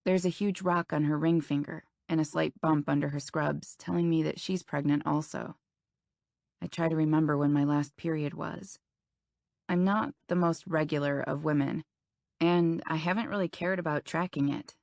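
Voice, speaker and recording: Romance audiobook narrator, young woman, low and gravelly, intimate first-person read. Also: steady tone, normal speed, a little mellow, no echo, studio quality. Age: young adult.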